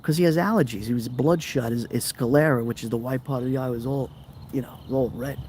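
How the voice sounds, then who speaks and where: A man's voice: mid-range voice, a little fast, darkish tone, slight background noise. A middle-aged man, hosting a casual live chat and telling rambling stories that act out the people he quotes while answering viewer comments. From New York. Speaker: live-stream host.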